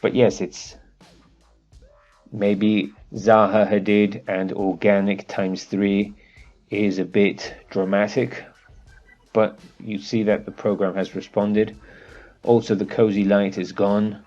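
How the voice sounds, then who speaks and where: A man teaching an architecture course, walking through a software demo in a relaxed way, thinking aloud with fillers. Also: on the low side, slow pace, dull audio, faint music behind. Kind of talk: screen-share software tutorial.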